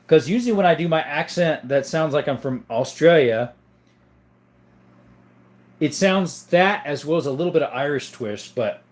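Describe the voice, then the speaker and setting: A man hosting a casual livestream, chatting in a relaxed, rambling way and answering viewers. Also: on the high side, moderate pace, long pauses. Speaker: livestream host.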